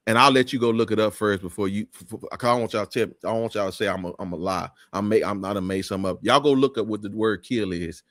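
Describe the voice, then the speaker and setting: A man's voice: fairly low pitch, fast talker, few pauses, a bit bright, no echo, clean studio sound. A man hosting a live talk show, speaking in an emphatic, preachy way with many restarts.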